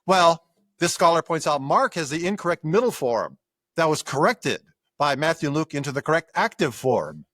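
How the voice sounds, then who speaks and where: An older man, a guest scholar in an interview, explaining with lively examples and acted-out quotes. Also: on the high side, moderate pace, dry recording. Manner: animated explainer acting out examples.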